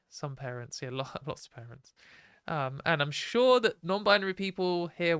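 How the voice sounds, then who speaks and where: A British woman hosting a live stream, talking bluntly and opinionatedly in a casual ranting way, her voice a little hoarse. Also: deep voice, unhurried, long pauses, no echo, clean studio sound. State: hoarse from a fading voice.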